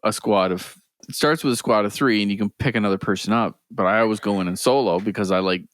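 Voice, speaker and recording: A man co-hosting a podcast in casual chat, an animated storyteller who acts out voices and laughs often. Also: on the low side, quick pace, no echo, clean studio sound. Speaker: podcast co-host.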